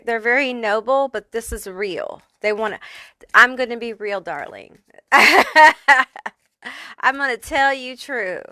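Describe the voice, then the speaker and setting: A woman's voice: on the high side, pushed and bright, clear, resonant tone, no echo. A woman giving a casual pick-a-card tarot reading who swears freely and laughs often. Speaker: tarot reader.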